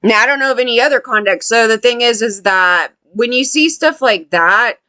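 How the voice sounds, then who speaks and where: A woman's voice: fairly high pitch, normal speed, pushed and bright, no room sound. A woman ranting to her viewers in a blunt, profane, rambling way, often restarting her sentences. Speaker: vlogger. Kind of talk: unscripted rant to camera.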